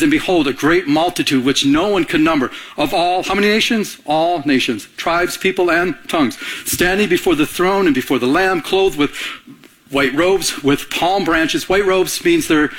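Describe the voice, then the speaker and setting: Here a middle-aged man preaches a chatty sermon, his pitch fairly high and his pace moderate, with a somewhat bright sound. Rhetorical questions come one after another as he invites the congregation to reply.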